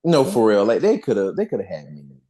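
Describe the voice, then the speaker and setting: A podcast host in casual fan chat, animated and profane, acting out characters' lines while recapping. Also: medium pitch, fast.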